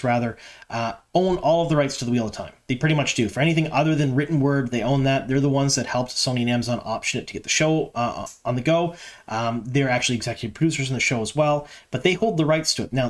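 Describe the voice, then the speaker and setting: Male fan-channel host, mid-pitched, chatty and opinionated, filler-heavy casual commentary. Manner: chatty, opinionated, many ums and uhs. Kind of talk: casual solo commentary to camera.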